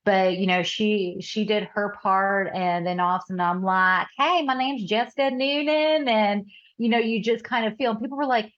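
A woman's voice: mid-range voice, fairly even intonation, a little fast, few pauses, fairly bright tone, highs cut off. A woman from the American South with a light Southern accent, a guest talking earnestly and modestly, restarting her words now and then. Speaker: podcast guest. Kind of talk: casual interview chat.

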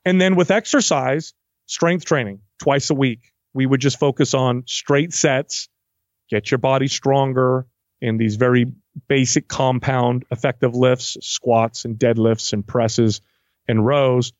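A man's voice: mid-range voice, a little slow, no room sound, lo-fi sound. A man, a fitness trainer, talking casually in an interview and acting out what his clients say. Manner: animated, acts out client quotes.

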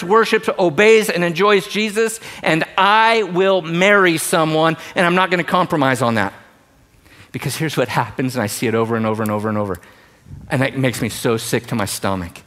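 A middle-aged male pastor preaching a sermon in an animated, joking way, swinging from loud emphasis to hushed asides. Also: sits high, normal speed.

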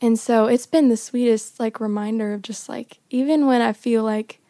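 A young woman tells a personal story in casual podcast chat. Her fairly high voice has a gravelly fry. She is animated and often slips into a hushed whisper, recorded dry and close. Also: normal speed, dry recording. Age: young adult. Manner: animated, often drops to a whisper when quoting. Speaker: podcast guest.

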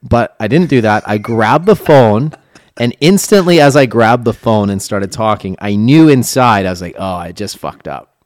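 A man's voice: on the low side, expressive, moderate pace. A man co-hosting a casual podcast from an office, telling a story with self-deprecating humor. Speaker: podcast co-host. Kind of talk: casual chat. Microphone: studio mic in an office.

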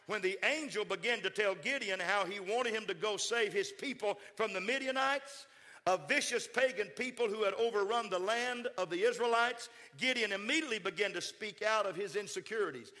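High, bright-voiced man preaching in a hall. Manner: builds to shouted call-and-response preaching. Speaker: pastor. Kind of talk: sermon.

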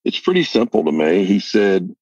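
A man's voice: low-pitched, very animated, normal speed, darkish tone, no room sound. An older man telling a story in plain, earnest words as a podcast guest. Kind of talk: casual storytelling chat. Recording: muffled distant lo-fi audio.

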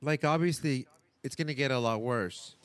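Co-hosting a podcast, a man recaps a sitcom episode in casual chat, animatedly voicing the characters' lines in funny voices and laughing often. His mid-range voice moves at normal speed, with no room sound.

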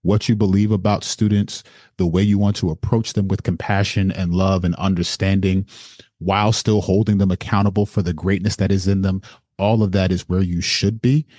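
A man's voice: deep voice, little pitch movement, normal speed, mellow, no room sound, studio quality. A man who works as an assistant principal, talking as a podcast guest in an earnest, encouraging way. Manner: earnest, encouraging, speaks in lists. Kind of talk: casual interview conversation.

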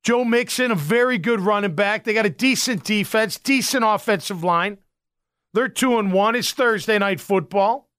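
A man hosting a casual sports podcast, ranting in an animated, exasperated way and often repeating himself. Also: high-pitched, normal speed, smooth, no echo, clean studio sound.

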